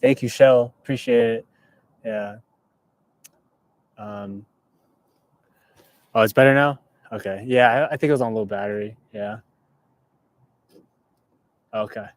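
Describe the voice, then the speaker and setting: A man's voice: fairly low pitch, slow pace, long pauses, no room sound. A young man from California chatting casually on a livestream from inside his car, reading viewer comments aloud in a laid-back way. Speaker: livestream host. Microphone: clip-on mic.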